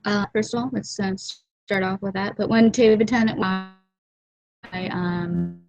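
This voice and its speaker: A woman's voice: medium pitch, fairly even intonation, slow, vocal fry, a little mellow, no echo, rough recording. Young woman host, loose rambling livestream chat, giggly asides, mumbled trail-offs, laptop mic. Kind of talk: casual chat while drawing. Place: warm room at home.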